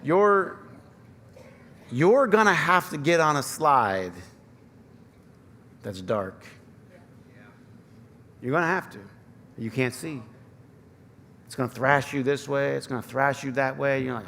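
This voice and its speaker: A man's voice: mid-range voice, lively intonation, slow pace, vocal fry, pauses often, a bit bright, a little hiss or hum. A man in his thirties preaching a conversational, self-deprecating sermon with personal stories, in a Michigan accent. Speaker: pastor. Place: church sanctuary. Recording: long church reverb, faint ambience.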